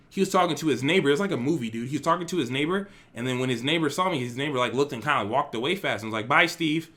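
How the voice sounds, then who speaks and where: A man's voice: medium pitch, a bit bright. A young man telling a storytime vlog in a casual, slangy, profane way, with lots of animation. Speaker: vlogger.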